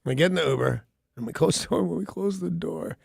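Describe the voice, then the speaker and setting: Male radio host, wry self-mocking storyteller, a bit high and gravelly, dry booth. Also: fast talker, dry recording. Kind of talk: casual morning radio chat.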